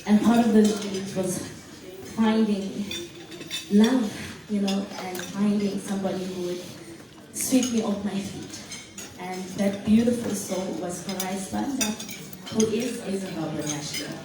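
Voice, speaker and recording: A woman from South Africa giving a slow, heartfelt, emotional acceptance speech. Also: medium pitch, noisy background. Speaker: award recipient. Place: large event hall. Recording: echoey hall, far from mic, crowd.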